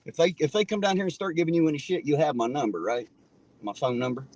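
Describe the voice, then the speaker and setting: A man's voice: on the high side, fast talker. An angry man, ranting with a stream of curses while hosting a livestream from a car on his phone. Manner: loud, cursing, indignant. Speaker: livestream host. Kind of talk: angry profane livestream rant.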